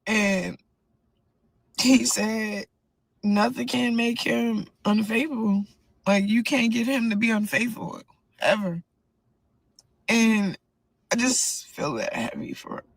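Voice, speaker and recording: A woman boxer talking softly and reflectively in a tearful, emotional pre-fight vlog, recorded close on a phone. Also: on the high side, vocal fry, dry recording. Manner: soft, slow, reflective and emotional.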